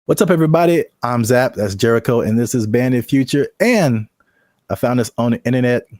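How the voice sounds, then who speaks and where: A man hosts a podcast, joking playfully with a lively, swinging delivery. His pitch sits mid-range, and the close mic sounds dry. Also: brisk, no room sound. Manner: playful, joking, laughs often. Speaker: podcast host. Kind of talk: casual podcast chat.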